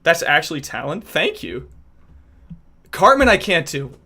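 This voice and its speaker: A young man streaming, chatting casually with viewers, animated and rambling with frequent restarts. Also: fairly high pitch, unhurried, husky. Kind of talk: casual chat reacting to viewers.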